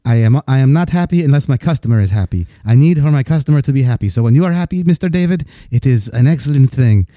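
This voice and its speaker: A man's voice: medium pitch, animated, fast, hardly any pauses, dark tone, no room sound, clean studio sound, pitched above the performer's own voice, natural voice. A man voicing an overly eager male call-center agent who talks with an Indian accent in a formal, effusive, babbling way.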